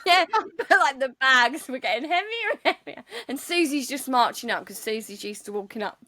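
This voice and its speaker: A woman's voice: high voice, animated, moderate pace, pushed and bright, no room sound. A woman co-hosting a casual podcast, telling stories animatedly and laughing through her words. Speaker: podcast co-host, nail tech. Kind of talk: casual chat.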